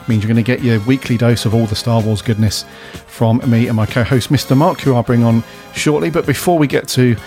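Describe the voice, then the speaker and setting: A man's voice: mid-range voice, steady tone, fairly quick, few pauses, darkish tone. Man, podcast host, easygoing jokey chat, light music faint behind.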